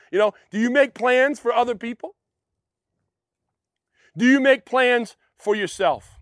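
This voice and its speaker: A man's voice: extremely high pitch, measured pace, pauses often, a bit bright, no echo, studio quality. A man preaching a sermon, telling a personal story and putting questions to his listeners. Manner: storytelling, acts out quotes, asks the audience questions. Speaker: pastor.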